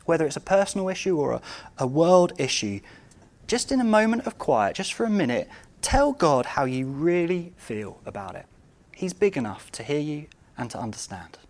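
A man preaching a sermon, asking his congregation rhetorical questions and moving between loud outbursts and quiet, intimate moments. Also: on the high side, big pitch swings, moderate pace.

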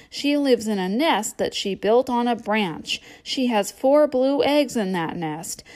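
A woman's voice: medium pitch, a little mellow. A woman reading a children's storybook aloud as a playful guessing game.

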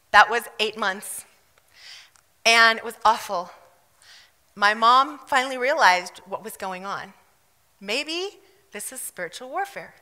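A woman from South Africa preaching a fervent, emphatic sermon with loud bursts of declaration. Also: medium pitch, big-room sound. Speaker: pastor.

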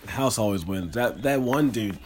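A young man co-hosting a podcast, telling stories in a fast, excitable way and swearing freely. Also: on the low side, husky. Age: young adult. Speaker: podcast co-host. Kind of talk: casual podcast chat.

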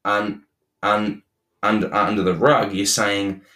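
Here the young man co-hosting the relationship podcast sounds pushed and bright, his lowish voice delivered flatly and slowly. He talks earnestly through advice chat, with frequent restarts and repeated words.

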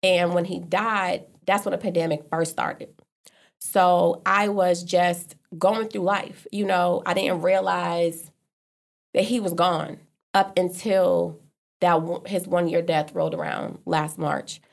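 A woman's voice: fairly low pitch, fairly even intonation, slow pace, creaky. A woman candidly telling a personal story in loose, casual conversation, often restarting and filling with "like". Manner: earnest, repeats herself with "like", loose casual speech. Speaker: guest sharing a personal story.

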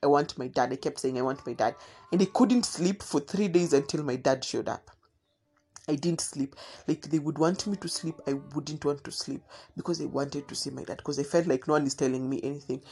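Woman, low voice, earnest halting storyteller. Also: warm tone, husky. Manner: earnest, halting, with fillers and restarts. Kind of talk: personal storytelling.

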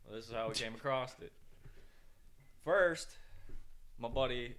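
Unhurried and a bit bright in tone, this medium-pitched man co-hosts a podcast, meandering through stories while cursing liberally and issuing mock threats. He comes from the northern United States.

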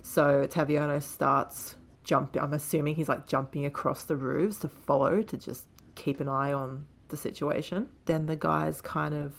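Woman cohost, really low voice with lots of vocal fry, laid back chatty recap. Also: normal speed, hardly any pauses. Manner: relaxed and conversational, with fillers. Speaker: podcast co-host. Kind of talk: casual chat recapping a story.

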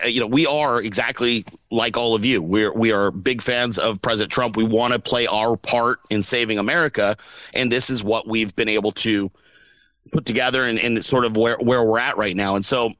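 A man's voice: medium pitch, a bit bright, no room sound, rough recording. A man hosting a casual live audio chat show, talking in a loose, chatty way over a remote call. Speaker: host.

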